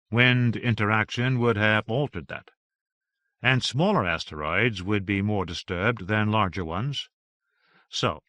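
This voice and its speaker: Brief: male audiobook reader, low and crisp, dry close sound. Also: no echo. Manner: steady, even reading. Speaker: audiobook narrator. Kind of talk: audiobook narration.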